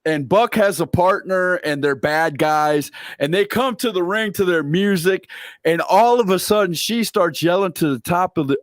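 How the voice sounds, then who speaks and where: A man's voice: high-pitched, moderate pace, no echo, studio quality. A man hosting a casual interview, telling stories animatedly and acting out quoted voices. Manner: animated storyteller, acts out quoted voices with laughs. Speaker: interview host.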